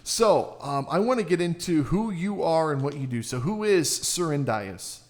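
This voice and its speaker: A man's voice: on the high side, animated, normal speed. A man hosting a radio interview, talking in a casual, effusive and enthusiastic way. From England. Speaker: radio show host.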